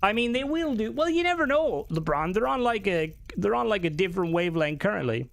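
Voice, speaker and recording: A man's voice: sits high, big pitch swings, fairly quick, creaky, no room sound. A young man with an Americanized Irish accent, streaming a game live and chatting with viewers in a casual, rambling way with frequent swearing. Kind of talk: live gameplay commentary.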